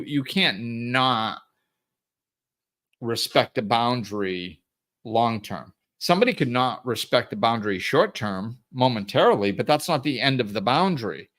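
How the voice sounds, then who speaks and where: Hosting a podcast, a man delivers a relaxed monologue, restarting sentences and chuckling along the way. His voice is mid-range and fairly bright, and he raises it to play angry callers.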